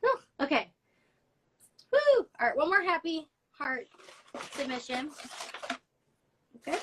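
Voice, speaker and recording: A young woman with a drawl hosts a casual live stream and reads fan messages aloud. Her voice is bright and a little high. She talks in a chatty, effusive way. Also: unhurried, low-quality recording. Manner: chatty and effusive, gets emotional reading notes. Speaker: host of a live social media show.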